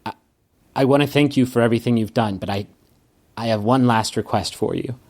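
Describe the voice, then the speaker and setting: A man voicing a weary, remorseful woman warrior in a tabletop game, speaking haltingly. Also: medium pitch, darkish tone, natural voice. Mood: somber. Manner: halting, hesitant delivery.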